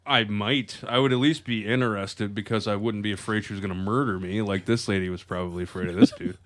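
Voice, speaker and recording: A man's voice: lowish voice, steady tone, fast talker, a bit bright. Laid-back man reading news jokes. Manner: laid-back, reads stories aloud between chuckles. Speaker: podcast co-host reading news stories. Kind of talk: casual comedy podcast chat.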